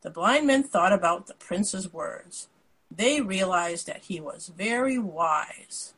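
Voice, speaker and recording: Husky woman storyteller with a lively, swooping read-aloud delivery; reads the book aloud and chats between pages. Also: fairly low pitch, slow, poor audio. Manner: expressive read-aloud with casual asides. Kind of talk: reading a picture book aloud.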